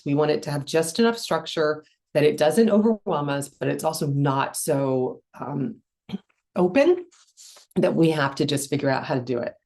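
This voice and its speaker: A woman's voice: low-pitched, darkish tone. A middle-aged woman hosting a solo podcast, explaining ideas conversationally with restarts and ums while chewing a cough drop. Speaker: podcast host.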